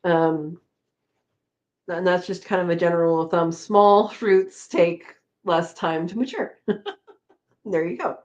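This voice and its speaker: On a homesteading live chat, a woman reads out viewer comments in an easygoing, talkative style, frequently laughing and letting sentences trail off into fillers. She speaks on the low side and a little slowly, with long pauses, over dull audio.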